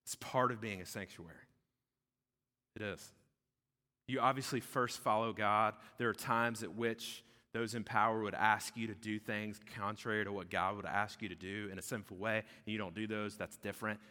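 A man preaching a sermon as pastor, conversational and animated, often checking in with "right?". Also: fairly low pitch, normal speed. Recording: echoey hall with long reverb.

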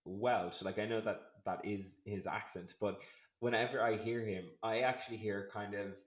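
A man co-hosting a podcast in casual chat, animated, laughing often and tripping over words. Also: lowish voice, normal speed. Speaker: podcast co-host. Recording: echoey room.

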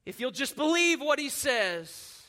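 A man voicing an older woman who loudly hollers blessings and encouragement to a young relative. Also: very high voice, sing-song, a little slow, exaggerated voice. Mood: encouraging.

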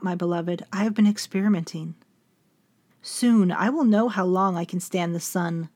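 Low-voiced woman reading a gothic tale. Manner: measured, solemn, intimate letter-like delivery. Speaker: narrator. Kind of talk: first-person gothic story reading.

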